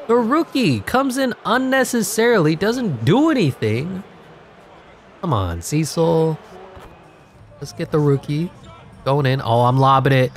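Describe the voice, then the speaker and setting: Excitable man, congested play-by-play voice. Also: on the high side, a little slow, long pauses, a little hiss or hum. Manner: excitable, jokey play-by-play with sudden yells. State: congested, voice wearing out. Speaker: gaming commentator. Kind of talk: live game commentary.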